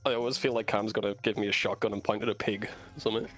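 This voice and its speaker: A man's voice: fairly low pitch, fairly even intonation, rapid-fire, a bit bright, soft background music, poor audio. A man with a toned-down English accent chatting casually and laid-back on a game stream. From England. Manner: laid-back, says "mate" and "dude". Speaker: stream co-host. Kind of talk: casual chat.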